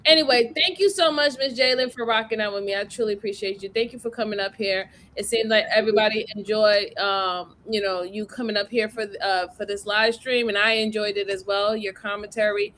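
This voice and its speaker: A woman hosting a casual livestream, talking in a lively, chatty way and reading viewer messages aloud. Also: medium pitch, a little fast, hardly any pauses, a little hiss or hum. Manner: animated, laughs often, reads super chats aloud. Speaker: livestream host.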